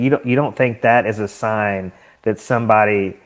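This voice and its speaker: A man's voice: fairly low pitch, moderate pace. A man hosting a podcast, telling stories animatedly and acting out what others said. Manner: animated storytelling, acts out quotes. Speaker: podcast host. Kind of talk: casual conversation.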